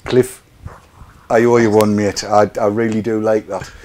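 A man's voice: on the low side, little pitch movement, measured pace, darkish tone. A man co-hosting a web chat show, teasing and joking in casual banter. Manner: jokey, teasing. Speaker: co-host of a vaping web show.

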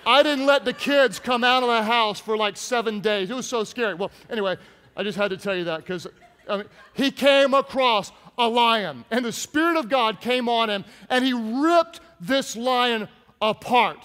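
A man preaching a humorous sermon to his congregation, joking and telling stories with lively asides. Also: extremely high pitch, normal speed, clear, resonant tone. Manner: jokey, animated storytelling with asides to the congregation. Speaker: pastor. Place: large church hall. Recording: long hall reverb from a church.

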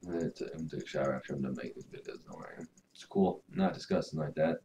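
A man's voice: rumbling low, rapid-fire, noisy background. A young man giving casual, crude, jokey commentary while playing a video game. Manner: laid-back, crude, jokey, mumbling asides. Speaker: gaming video host.

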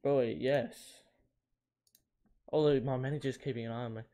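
A man's voice: mid-range voice, fairly even intonation, moderate pace, dark tone. A young man giving casual commentary while playing a football video game, often frustrated and yelping at missed shots. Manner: frustrated, yelps and groans at misses. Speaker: gamer.

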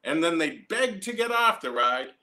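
A young Canadian man runs a stand-up story with deadpan asides and a habit of tagging lines with "right?". His voice is bright and sits a little high. He tells it loosely, in a casual tone. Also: normal speed. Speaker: stand-up comedian. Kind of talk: stand-up set streamed from home.

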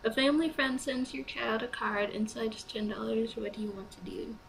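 A woman's voice: on the high side, fairly even intonation, normal speed, gravelly, fairly bright tone, a little hiss or hum, low-quality recording. A young woman playing a choice-based game, reading the prompts aloud and chatting through her decisions, sleepy and yawning. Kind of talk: let's play commentary.

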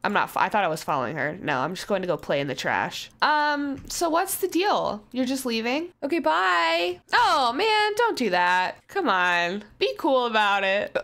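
A young woman talks casually over her gameplay at a desk mic, joking at her own mistakes. Her voice sits high and swings widely in pitch, and she breaks into loud exclamations when the game surprises her. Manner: chatty, self-mocking, exclaims loudly at surprises. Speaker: gaming YouTuber.

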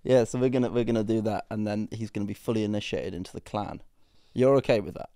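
A young man co-hosting a podcast, telling stories in an animated way and laughing often. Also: fairly low pitch, fast, slight background noise. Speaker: podcast co-host. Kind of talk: casual chat.

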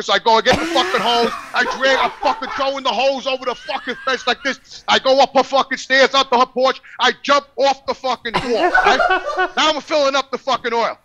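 High, bright-voiced New man telling a story. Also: fairly quick, a little hiss or hum. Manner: animated, swears constantly, acts out quotes. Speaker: podcast guest telling a story. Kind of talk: profane storytelling, casual chat.

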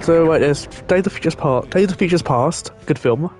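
A man's voice: on the high side, normal speed, darkish tone, faint music behind. A young man rambling casually and swearing now and then as he plays a game and chats with viewers. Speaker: gaming channel host. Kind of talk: casual gameplay commentary.

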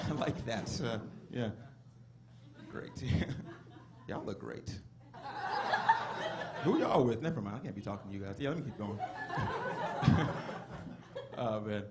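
A young man telling stories in a stand-up comedy set on a club stage, animated and given to drawn-out exclamations. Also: fairly high pitch, heavy background noise.

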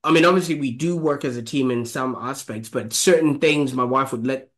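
Rambling man hosting an interview. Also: mid-range voice. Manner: rambling, halting with many fillers. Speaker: podcast host. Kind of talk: interview questions.

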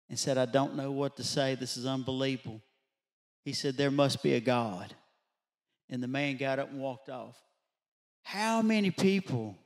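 A pastor preaching a midweek Bible study, telling a story in a conversational way and putting rhetorical questions to his congregation. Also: medium pitch. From Louisiana. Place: church sanctuary.

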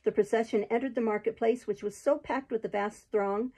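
A woman reading a chapter book aloud in a steady, expressive narrating voice. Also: fairly high pitch, a little fast, slightly rough, low-quality recording. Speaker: storybook reader.

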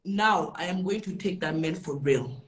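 A woman's voice: fairly low pitch, normal speed, slight background noise. A woman ranting angrily and emphatically in a heated casual chat. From South Africa.

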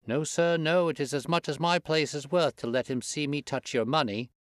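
Eager stable lad, servile, voice pushed higher, read by a man. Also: moderate pace, dry recording, clean studio sound, lightly acted. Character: deferential young male stable lad.

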